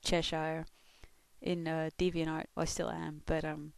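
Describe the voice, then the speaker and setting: This is a casual audio vlog in which a young Australian woman from Melbourne, a fan, works through a question tag, cursing freely, laughing constantly and running herself down. She has a deep, creaky voice that is clear and resonant, with a completely flat delivery and a slightly slow pace. There's no room sound at all.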